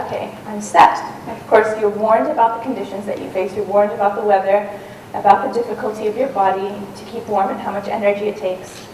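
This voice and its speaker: A woman's voice: medium pitch, a little mellow. Woman telling a story in a roomy hall. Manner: conversational, with frequent ums and restarts. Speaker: talk speaker, adventurer. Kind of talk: storytelling talk on stage. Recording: roomy and distant with faint noise.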